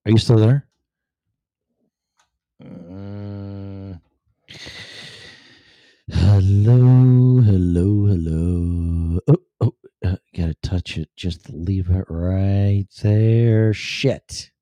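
A man's voice: on the low side, extremely slow, pauses often, dark tone, dry recording. A man hosting a casual podcast, talking in a rambling, profane way while fiddling with his audio gear. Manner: profane, rambling, distracted by equipment. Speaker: podcast host. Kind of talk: casual chat.

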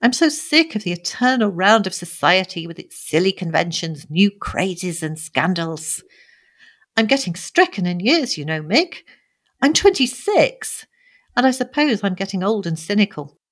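A woman's voice: medium pitch, big pitch swings, measured pace. A woman reading the part of a young society woman, earnest and emotional, pleading and reproachful by turns. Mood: weary. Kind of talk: audiobook character reading.

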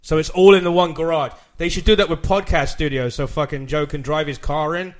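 A man guesting on a comedy podcast, telling crude jokes in loud, laughing banter. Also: fairly high pitch, steady tone, a little fast.

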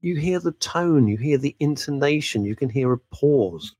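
A man's voice: on the high side, moderate pace, husky, dry recording. A man, a veteran broadcaster talking as a guest in a podcast interview, emphatic and full of asides. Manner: animated, emphatic, frequent laughs and asides.

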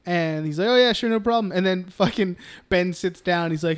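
A young man co-hosting a casual film podcast, recapping scenes, swearing freely and acting out characters in quick voices. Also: sits high, clear, resonant tone. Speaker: podcast co-host.

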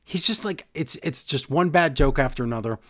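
A man talks through a recap in casual chat, his pitch swinging widely as he tells the story. He slips into quick impressions of the people he quotes, then drops back into his own voice. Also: expressive, fairly bright tone. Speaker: podcast co-host recapping wrestling.

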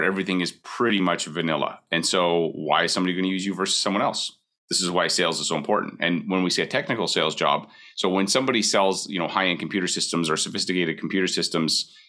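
A man's voice: deep voice, sharp tone. A man in his forties, a mortgage broker giving candid, conversational advice with emphatic repetition. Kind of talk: casual advice talk.

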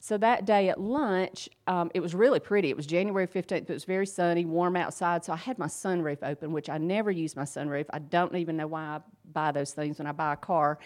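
A woman's voice: lowish voice, fairly quick, few pauses, darkish tone. Woman in her fifties, personal testimony, earnest, emphatic, chatty with fillers. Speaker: speaker sharing a faith testimony.

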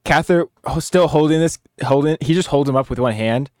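Fast-talking man narrating his actions. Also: a little high, darkish tone, dry recording, clean studio sound. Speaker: player. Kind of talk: tabletop game play, casual.

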